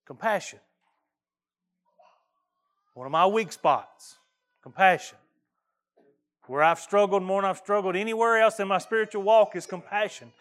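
A man's voice: high-pitched, unhurried, pauses often, fairly bright tone. A middle-aged man, preaching a sermon as pastor in a folksy, earnest way, often restarting his phrases.

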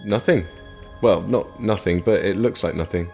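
A man's voice: low-pitched, normal speed, gravelly, a little mellow, soft background music. A man voicing a hesitant, apologetic doctor who halts over his words in a spoken story. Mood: awkward. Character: awkward, apologetic male doctor.

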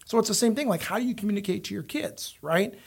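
A man's voice: sits high, fast, creaky, breathy edge. A man, a father, talking in a casual conversation, rambling and repeating words, acting out what others told him. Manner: rambling, repeats words, acts out quoted lines. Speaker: guest.

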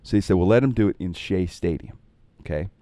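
A man spins animated anecdotes from his broadcasting days, slipping into other people's voices as he goes. His voice sits low and mellow. The sound is dry and close. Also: a little fast, no room sound. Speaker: radio broadcaster telling stories. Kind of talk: casual storytelling on a podcast.

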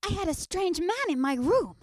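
A petulant teenage girl, acted by a woman who whines and erupts melodramatically. Her voice is very high and swoops widely. The sound is close and dry. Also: big pitch swings, normal speed, no room sound. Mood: spiteful. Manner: whiny, melodramatic outbursts.

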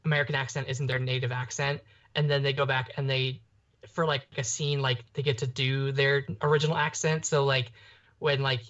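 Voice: mid-range voice, little pitch movement, normal speed, fairly bright tone. Rambling young podcast co-host, dull audio. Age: young adult. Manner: rambling, many fillers and restarts. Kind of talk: casual film discussion.

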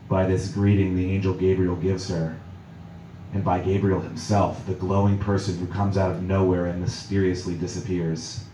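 A man's voice: sits low, mellow, a little hiss or hum. A man preaching a reflective sermon as pastor, musing aloud with small restarts. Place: church sanctuary. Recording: echoey hall from far off.

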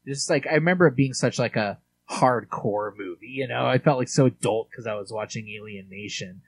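A man's voice: medium pitch, a little fast, gravelly, breathy edge. A man in his forties, co-hosting a podcast, chatting casually and enthusiastically about movies, with many fillers. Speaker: podcast co-host.

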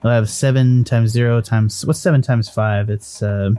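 A man's voice: medium pitch, fairly even intonation, moderate pace, dark tone. A man narrating as game master of a tabletop game, talking loosely with restarts and swearing.

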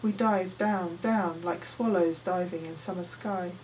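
A woman's voice: fairly low pitch, steady tone, unhurried, darkish tone, far from the mic, a little hiss or hum, low-quality recording. Woman narrating an audiobook, slightly off-mic. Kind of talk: first-person audiobook narration.

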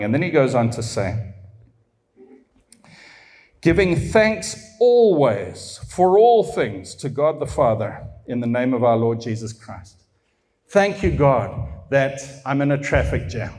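A man preaching a sermon, reading scripture slowly and deliberately, swinging between soft asides and raised, emphatic exhortation. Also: sits high.

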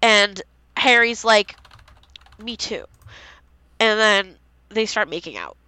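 A young woman co-hosting a casual fan podcast, excitedly reading out favorite quotes and swearing freely. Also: medium pitch, slow pace, clean tone, no echo, rough recording. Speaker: podcast co-host.

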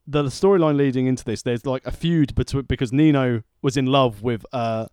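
A man's voice: mid-range voice, fairly quick, clear, resonant tone, no echo. Joking man, dry close sound. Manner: joking, animated. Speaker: podcast co-host. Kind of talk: casual chat.

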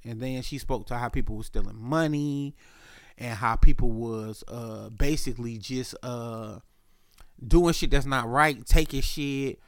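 A young man hosting a podcast, telling a casual story with lots of slang, filler words and throat clearing, and his voice jumps up when he quotes himself. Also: medium pitch, normal speed, no room sound, clean studio sound. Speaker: podcast host.

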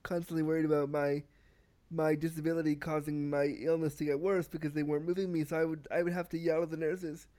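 A man as a podcast guest, telling a story in casual conversation, animated and often repeating and restarting words. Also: fairly high pitch, quick pace. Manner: animated, acts out quoted exchanges.

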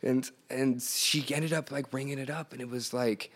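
A man chatting as a podcast guest in an easy, unhurried way. He wanders through his stories with fillers and keeps breaking into laughter. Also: medium pitch, steady tone. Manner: laid-back, laughing, rambling storyteller. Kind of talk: casual chat.

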